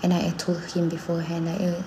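A woman in her thirties with a Malaysian accent, chatting casually and telling animated stories, switching between English and Malay mid-sentence. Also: lowish voice, a little slow, noisy background. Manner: animated storytelling, acting out her son's lines. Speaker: singer and mother. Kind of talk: casual chat.

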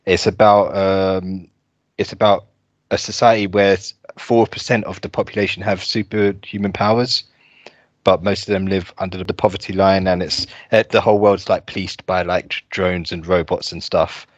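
A man's voice: sits low, flat delivery, normal speed, no echo, lo-fi sound. A young man co-hosting a podcast, chatting casually and rambling as he explains a film. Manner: rambling, laughing, full of fillers. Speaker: podcast co-host. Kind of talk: casual chat.

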